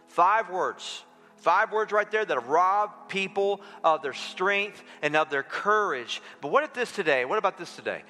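A man's voice: sits high, very animated, unhurried, bright, forceful tone. A man preaching as a pastor, leading his congregation in call and response and then in prayer, emphatic and repetitive. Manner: emphatic, repetitive, leads the congregation in repeating phrases. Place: church sanctuary. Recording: long church reverb, faint music.

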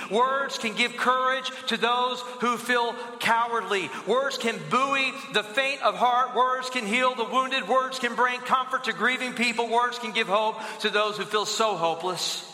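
A man's voice: extremely high pitch, bright, forceful tone. A young man preaching a sermon as pastor and leading the congregation in call-and-response. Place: church auditorium. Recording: echoey hall with long reverb.

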